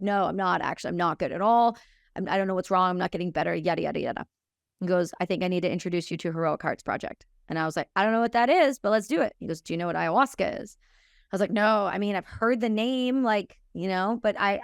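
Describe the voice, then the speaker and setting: Woman in her 30s telling her story, swears freely, acts out what people said, clear smooth voice. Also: medium pitch, dry recording, clean studio sound. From Canada. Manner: frank and emotional, quotes others in quick dialogue, swears freely. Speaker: podcast guest, military veteran. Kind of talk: candid storytelling in an interview.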